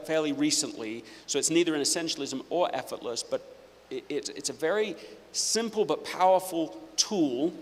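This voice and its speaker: Playful man speaking in a reverberant hall. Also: a little high. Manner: energetic, self-interrupting, playful. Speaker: speaker presenting to a live audience. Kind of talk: live presentation with audience interaction. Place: auditorium with audience.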